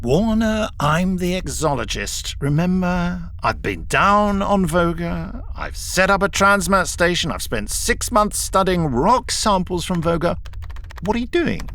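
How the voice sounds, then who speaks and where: A man's voice: fairly high pitch, big pitch swings, a little slow, pushed and bright, voice pushed up, exaggerated voice. A man voicing an arrogant male scientist who speaks loftily and impatiently. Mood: scornful. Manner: lofty, impatient, sneering.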